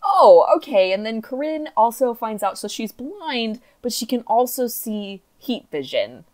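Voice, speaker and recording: A woman's voice: fairly high pitch, big pitch swings, measured pace, darkish tone. A woman hosting a comedy podcast, sarcastically reading out a bad story, swearing freely. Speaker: podcast host.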